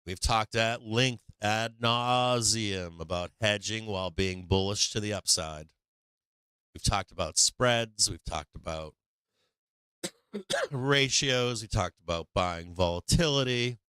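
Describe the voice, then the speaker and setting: A man's voice: fairly low pitch, slow, sharp tone, clean tone, no echo. A man hosting a stock market livestream in a casual, rambling way, full of fillers and restarts. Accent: none, dropped his Boston accent. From Boston.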